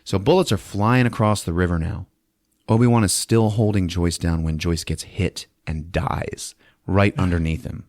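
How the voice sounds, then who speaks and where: A man hosting a podcast who recaps a movie in casual, animated speech, swearing and acting out the scenes. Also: low-pitched, moderate pace, no room sound, studio quality. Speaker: podcast host. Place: podcast studio.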